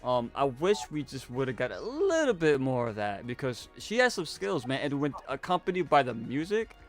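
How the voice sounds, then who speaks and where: A man's voice: mid-range voice, very animated, moderate pace, soft background music. A man co-hosting a live horror movie review, talking casually and rambling with many restarts. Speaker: co-host of a horror review show.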